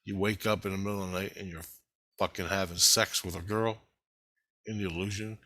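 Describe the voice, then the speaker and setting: A man rambling through a profane, animated story about his spiritual experiences. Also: sits low, a little fast.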